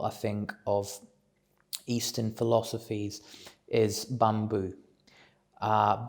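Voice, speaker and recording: A man at home giving a reflective solo talk, measured and musing as he thinks aloud. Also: on the low side, vocal fry, darkish tone. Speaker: speaker on self-development.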